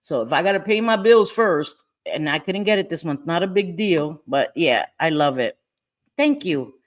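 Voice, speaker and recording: A woman chatting casually on a livestream, reading and answering viewers' comments, talkative and quick to laugh. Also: deep voice. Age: older. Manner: chatty, laughs often, animated.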